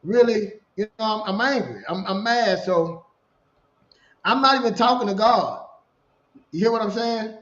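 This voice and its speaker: A man's voice: sits high, normal speed, long pauses. Man telling his story in a roomy, dull room. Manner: animated, repeats himself, laughs while telling. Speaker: podcast co-host sharing his story. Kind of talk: casual conversational storytelling.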